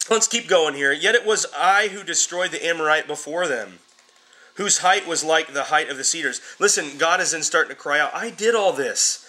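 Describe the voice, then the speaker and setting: A male Bible teacher lectures his class with a bright, ringing voice pitched a little above average. He is emphatic and informal, calling his students "guys" and repeating words as he builds toward each point. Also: normal speed.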